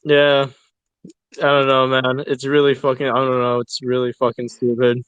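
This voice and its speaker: A man's voice: mid-range voice, moderate pace, smooth, dry recording, dull audio. A man telling a long story in a casual online voice chat, rambling and swearing as he talks. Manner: rambling, heavy swearing, animated retelling. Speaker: audio chat participant.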